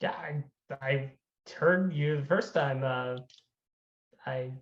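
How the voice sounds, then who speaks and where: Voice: mid-range voice, slow. Wry player on roomy dull call. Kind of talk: casual role-play.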